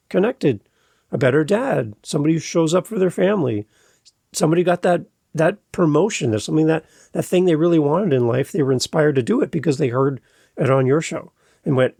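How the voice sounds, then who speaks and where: Gravelly, husky motivational man. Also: fairly high pitch, dry recording, studio quality. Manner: energetic, motivational, tells stories. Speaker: podcast host and coach. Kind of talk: casual podcast conversation.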